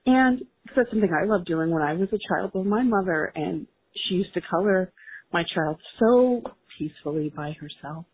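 A woman's voice: lowish voice, expressive, normal speed, slightly rough. A mother calling in to a podcast, weary and sighing as she talks. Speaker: caller, mother of a toddler. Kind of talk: voicemail to a podcast. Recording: tinny phone line.

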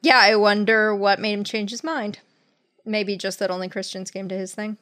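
A woman's voice: medium pitch, normal speed, no room sound, studio quality. A woman co-hosting a podcast, reading book passages aloud and telling the story with wry humor. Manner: wry, animated storyteller who laughs often. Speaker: podcast co-host. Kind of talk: casual chat, reading book excerpts aloud.

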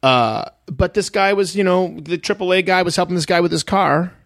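A man's voice: high voice, normal speed, a bit bright, dry recording, clean studio sound. A middle-aged man chatting as a podcast guest, telling stories animatedly and acting out other people's lines. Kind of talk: casual chat.

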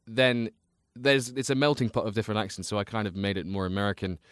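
A man, a guest actor on a comedy panel show, explaining things in a relaxed, rambling way. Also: lowish voice, fast, no echo, studio quality.

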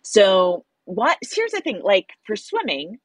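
A woman's voice: mid-range voice, huge pitch swings, takes it slowly, no room sound. A middle-aged woman co-hosting a podcast, a parent of a teenager, talking candidly and wryly with casual swearing. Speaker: podcast co-host. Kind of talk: casual chat.

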